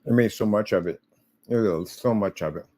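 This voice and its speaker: A man's voice: fairly low pitch, moderate pace, darkish tone, a little hiss or hum. A man vlogging casually from an office room, rambling and chatting to himself and his pet.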